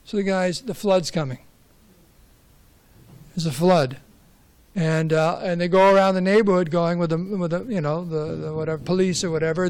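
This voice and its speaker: A man's voice: high-pitched, moderate pace, clear, resonant tone. A man giving a conversational scripture class, asking rhetorical questions and telling stories. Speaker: class speaker.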